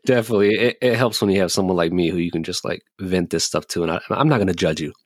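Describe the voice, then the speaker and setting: A man's voice: deep voice, fast talker, no echo, clean studio sound. A man hosting a podcast in casual chat, joking loosely, swearing freely and laughing as he tells stories. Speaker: podcast host.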